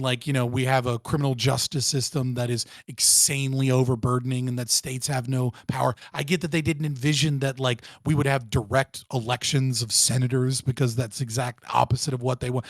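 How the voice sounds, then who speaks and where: A man guest in a casual political debate, animated and profane, who often restarts his sentences. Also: mid-range voice, a little fast, hardly any pauses, dry recording.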